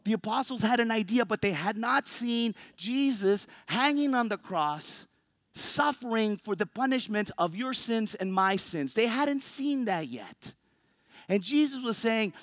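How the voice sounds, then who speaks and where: A male pastor delivering a sermon in an earnest, conversational way, turning to speak straight to the congregation. His voice sits a little high for a man. A soft guitar plays steadily underneath. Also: expressive, moderate pace. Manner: earnest, conversational preaching that addresses the congregation directly. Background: soft guitar music.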